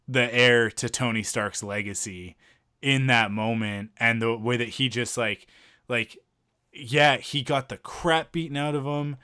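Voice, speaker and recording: Man, podcast co-host, casual chat, enthusiastic, smooth resonant voice, dry room. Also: medium pitch, no room sound. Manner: enthusiastic, animated retelling with frequent restarts. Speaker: podcast co-host reviewing a film.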